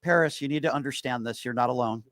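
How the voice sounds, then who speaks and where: A man's voice: mid-range voice, fast talker, a bit bright, dry recording. A man hosting a call-in show, earnest and reassuring as he talks to callers. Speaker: host.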